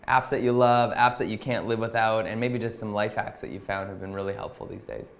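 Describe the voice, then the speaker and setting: A man's voice: fairly low pitch, fairly even intonation, brisk, vocal fry. A man hosting a podcast in casual conversation, friendly, with frequent affirmations. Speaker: podcast host.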